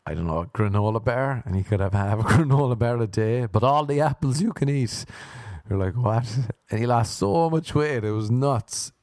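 A man performing a stand-up comedy routine, telling stories deadpan and breaking into animated voices for the people he quotes. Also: on the low side, no room sound, clean studio sound. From Ireland.

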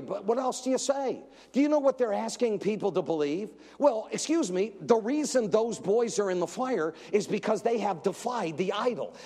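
A man preaches with a high, gravelly voice. His delivery is emphatic and sarcastic, rising loud and then dropping to a hush. The sound carries a long reverb from a church hall. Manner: emphatic, sarcastic, swings between loud and hushed. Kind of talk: sermon.

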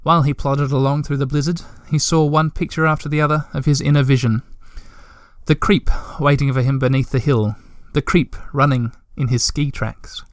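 A man narrating a storybook at a measured, gentle pace. His voice sits at a middle pitch, recorded close and dry with no room sound. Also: no echo. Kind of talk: audiobook narration.

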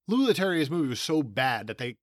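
A man's voice: medium pitch, big pitch swings, fairly quick, no room sound, clean studio sound. A man co-hosting a podcast, chatting casually about movies with strong opinions and frequent laughter. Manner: opinionated, emphatic, laughs often. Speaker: podcast co-host.

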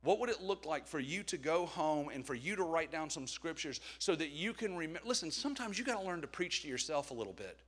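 A man's voice: on the high side, big pitch swings, fast talker, hardly any pauses. A middle-aged man preaching a candid, conversational sermon with jokes along the way. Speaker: pastor.

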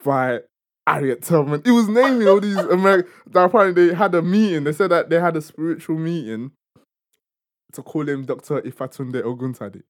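A man's voice: on the high side, a little fast. A young man, co-hosting a podcast and telling stories in a laid-back, teasing way. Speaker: podcast co-host. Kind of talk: casual chat.

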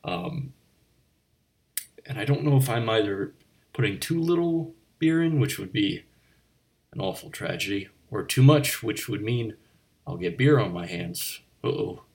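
A man hosting a comedy bit as a bartender, rambling in a deadpan way with slips and restarts. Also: fairly low pitch, unhurried, long pauses. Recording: voice a bit distant from the mic.

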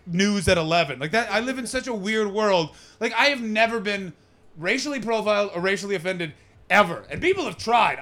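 A male stand-up comedian with a bright, ringing voice, pitched a little higher than most men. He rambles through crude, self-mocking stories and keeps turning to chat with the crowd. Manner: talks with the crowd. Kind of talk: live stand-up storytelling.

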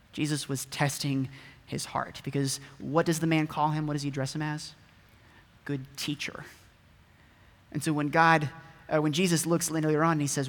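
A man's voice: a little high, a bit bright. Casual preacher man in an echoey hall. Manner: chatty, asks listeners rhetorical questions. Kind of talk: casual conversational sermon. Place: church hall. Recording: echoey hall with long reverb.

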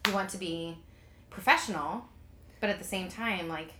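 Woman co-host, bright slightly low voice, reflective chatter, echoey room. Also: moderate pace. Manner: thoughtful, heavy use of "like". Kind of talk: casual chat. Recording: echoey room with faint ambience.

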